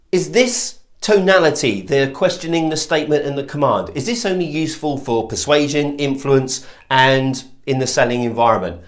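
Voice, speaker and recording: A man gives a sales training lesson in a direct, emphatic way. His voice sits a little high for a man, and he acts out example tones to make his points. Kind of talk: instructional video talk.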